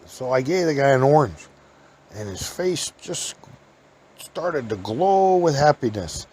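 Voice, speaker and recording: A man's voice: medium pitch, very animated, unhurried, a little mellow, breathy edge. A man rambles through folksy stories on his podcast in an easy, casual way. He chuckles as he goes, drifting from one tale to the next. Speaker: podcast host. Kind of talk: casual storytelling.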